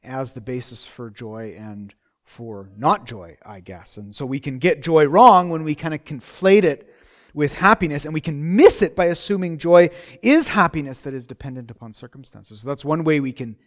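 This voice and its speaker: A middle-aged man preaching a sermon, his voice sitting a little high. He talks to the room in a conversational way, circling back over his phrases and asking rhetorical questions. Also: moderate pace.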